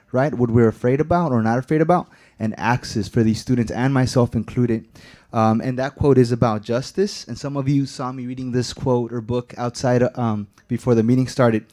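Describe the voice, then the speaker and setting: A man making a public comment at a school board meeting, earnest and halting, with many fillers and restarts. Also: medium pitch, dark tone. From immigrant.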